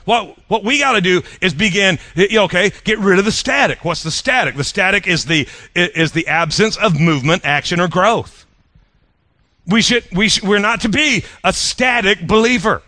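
Bright-voiced pastor preaching, dry sound. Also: male voice, sits high, normal speed, dry recording. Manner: animated preaching with playful jabs, repeats words. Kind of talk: sermon.

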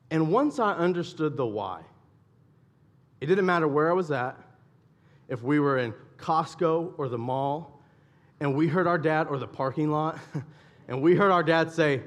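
A young adult man preaching a sermon to a congregation, in a conversational style with repetition and dramatic pauses. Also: fairly high pitch, lively intonation. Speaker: pastor.

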